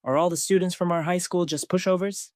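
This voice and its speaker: A man's voice: high voice, fairly even intonation, brisk, no echo, studio quality, voice pushed up, natural voice. A man doing a growling tough young brawler. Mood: menacing. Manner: menacing, growling.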